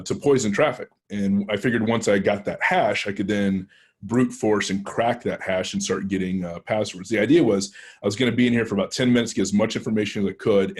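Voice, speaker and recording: A Texan-accented penetration tester, here as a guest speaker, tells a club a story in a rambling, anecdotal way, hesitating often and starting over. His voice sits fairly low and sounds a little mellow, with a breathy edge.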